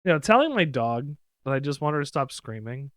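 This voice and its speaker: A man's voice: medium pitch, big pitch swings, a little fast, no room sound. A man streaming a video game, giving casual, chatty, playful commentary.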